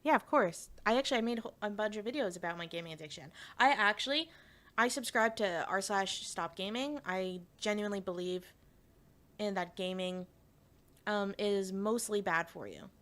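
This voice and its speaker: A woman's voice: medium pitch, moderate pace, a bit bright. A woman from Canada streaming as a VTuber, chatting frankly with her chat and swearing freely. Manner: reads chat aloud and answers it. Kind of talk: casual livestream chat.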